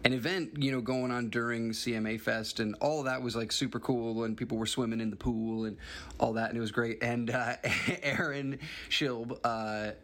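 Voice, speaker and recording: Gravelly-voiced man rambling casually. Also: mid-range voice, level tone, a little fast. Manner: rambling, casual, many fillers. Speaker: musician sharing a memory. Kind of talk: recorded personal message.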